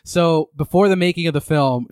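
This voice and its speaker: A man's voice: fairly high pitch, moderate pace, darkish tone, smooth, dry recording. A man hosting a casual movie podcast, recapping film history in a rambling way with many restarts. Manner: rambling, lots of fillers and restarts. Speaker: podcast host.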